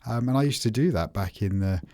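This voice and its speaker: A very low-voiced man co-hosts a relaxed tech podcast, rambling a little and tripping over his own words. His voice is recorded close and dry, with no room sound. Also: fairly quick, no echo. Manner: chatty, repeats and restarts words. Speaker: podcast co-host. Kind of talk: casual tech chat.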